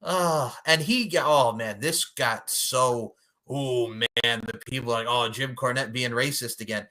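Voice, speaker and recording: A man co-hosting a wrestling podcast, with a bright, forward voice. He talks in a casual, animated way, swears freely and laughs often. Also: medium pitch, a little slow. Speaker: podcast co-host.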